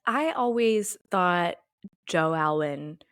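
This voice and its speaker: A woman's voice: fairly low pitch, expressive, slow, fairly bright tone, smooth, no room sound, clean studio sound. A young woman co-hosting a casual podcast, chatting with laughs and trailing asides. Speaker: podcast co-host. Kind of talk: casual chat.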